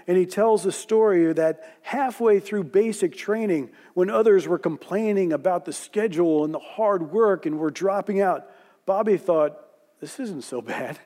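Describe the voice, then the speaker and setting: High-voiced man preaching with a mellow tone. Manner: storytelling, voicing quoted lines softly and slowly. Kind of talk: sermon narration.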